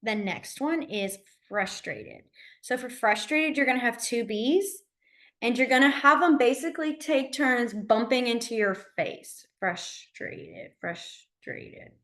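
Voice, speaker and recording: A young woman leads a beginner sign language class in a chatty, laughing way, full of fillers. Her voice sits a little high and turns bright and lively whenever she gets animated. She talks to her class like friends. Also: a little slow. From Alabama. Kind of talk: casual classroom instruction.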